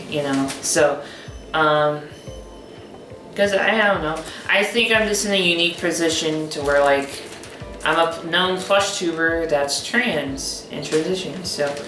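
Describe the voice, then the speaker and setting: A man's voice: fairly high pitch, pushed and bright, distant mic, slight background noise. A young trans man talking casually to his viewers, blunt and swearing freely, with lots of hesitant fillers. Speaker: vlogger. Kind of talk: casual vlog talk to camera. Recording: echoey room, off-mic, faint music.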